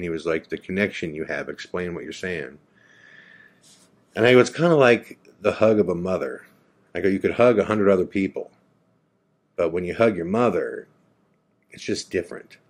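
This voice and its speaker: A podcast host, a man, slowly and quietly retelling a heartfelt conversation, quoting both sides. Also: sits low. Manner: slow, quiet, reflective retelling with quoted dialogue. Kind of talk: emotional personal storytelling.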